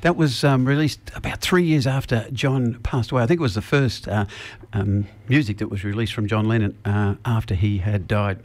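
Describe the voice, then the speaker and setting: A man hosting a casual radio interview in a studio, who pauses often with ums and restarts. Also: on the low side, a little mellow. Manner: hesitant, many ums and restarts. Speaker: radio host.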